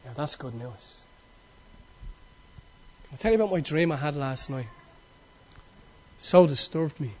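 A man with an Irish accent preaching a sermon, telling stories with passion and swinging between loud and hushed delivery. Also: fairly high pitch, expressive, unhurried, pauses often.

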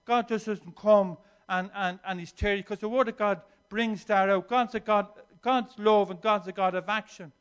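A man preaching a sermon in an earnest way, swinging between quiet reflection and emphatic declarations, often repeating words as he goes. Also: high-pitched, steady tone, moderate pace, hardly any pauses, clean tone.

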